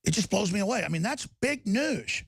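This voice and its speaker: A man's voice: sits high, expressive, a little fast, vocal fry, slightly rough, dry recording. A man hosting a talk show, delivering heated, emphatic political commentary and repeating words as he gets riled up.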